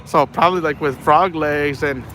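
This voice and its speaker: Middle-aged guy rambling on a livestream, tosses in man all the time, voice a bit high. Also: moderate pace, bright, forceful tone, slight background noise. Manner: rambling storytelling, says man a lot. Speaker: livestream host. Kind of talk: casual livestream chat.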